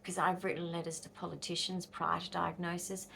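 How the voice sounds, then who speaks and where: A woman's voice: on the low side, little pitch movement, fairly quick, vocal fry, pushed and bright, slight background noise. An Australian woman in her fifties, talking bluntly and angrily to camera in a casual vlog, swearing freely. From Western Australia. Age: 50s. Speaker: vlogger.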